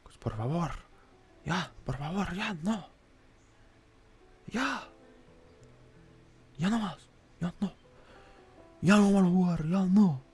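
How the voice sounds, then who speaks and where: A man putting on a shrill Mexican-accented man. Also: lively intonation, slow pace, long pauses, a little mellow, breathy edge, faint music behind, full character voice. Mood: pleading. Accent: Mexican Spanish.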